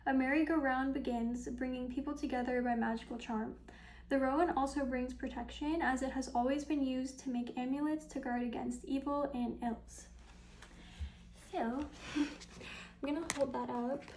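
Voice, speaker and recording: A woman's voice: high voice, fairly even intonation, normal speed, a little mellow, a little hiss or hum, poor audio. Chatty young woman reading tarot cards. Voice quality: vocal fry. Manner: chatty, upbeat, many ums and little laughs. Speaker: tarot reader. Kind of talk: casual pick-a-card tarot reading.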